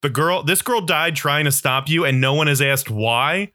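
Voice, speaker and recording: A man co-hosting a podcast in casual chat, argumentative and quick to laugh. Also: a little high, bright, forceful tone. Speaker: podcast co-host.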